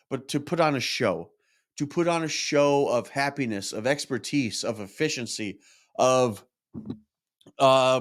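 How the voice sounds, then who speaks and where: A man, a podcast host, telling a personal story in a candid, self-reflective monologue, openly frustrated and swearing at times. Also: mid-range voice.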